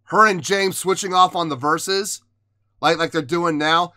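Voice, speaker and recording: A man gives casual reaction commentary on music, in a bright, forceful voice that sits a little high for a man. He speaks with emotion and exclaims often, and he sighs and restarts his sentences as he works through his thoughts. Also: fairly even intonation, measured pace.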